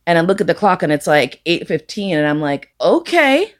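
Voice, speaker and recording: A woman with a fairly low voice tells a raunchy story to a live crowd. She swears freely and slips in and out of voices as she quotes people. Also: fairly quick. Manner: profane, animated, acts out quoted voices. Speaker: storyteller guest.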